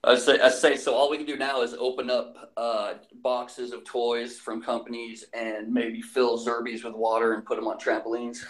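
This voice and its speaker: A man's voice: medium pitch, level tone, moderate pace, few pauses, poor audio. A man on a casual online panel, incredulous and sarcastic. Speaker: panel guest.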